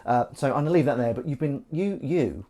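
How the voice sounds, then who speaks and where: A man's voice: medium pitch, expressive, brisk, mellow. A man chatting in a rambling, playful, self-mocking way on a live stream while washing dishes at his kitchen sink. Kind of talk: casual live-stream chat.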